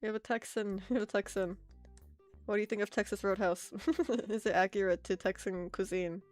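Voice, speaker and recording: A woman's voice: mid-range voice, fairly even intonation, moderate pace. Woman, American, art streamer, casual rambling chat, frequent laughs, faint music behind. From United States. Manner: chatty, laughs often, rambling asides.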